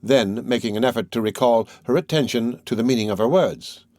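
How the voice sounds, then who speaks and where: A man narrating a classic novel as an audiobook, with a steady, measured reading. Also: medium pitch, no room sound, clean studio sound. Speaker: audiobook reader. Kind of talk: scripted narration.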